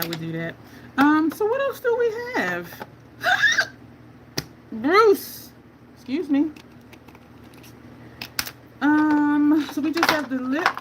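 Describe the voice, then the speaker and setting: A middle-aged woman hosts a casual beauty chat, talking to her viewers while she tries on makeup. Her voice sits a little high and swings widely as she tells her stories with plenty of asides. Faint background noise runs underneath. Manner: chatty, animated storyteller with asides to viewers. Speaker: beauty video host.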